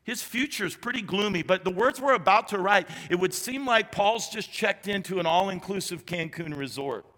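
A male pastor delivers a sermon in a large church sanctuary, his voice bright and forceful and pitched a little high. He talks to the congregation in a conversational way, leaning on emphatic repetition, with a light touch of humor. A long reverb trails every phrase. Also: animated, normal speed, hardly any pauses. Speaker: executive pastor.

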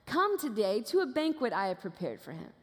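A woman voicing a brave young queen in a sermon retelling, making soft, measured requests. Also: a little high, big pitch swings. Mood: coaxing. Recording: long reverb of a large hall.

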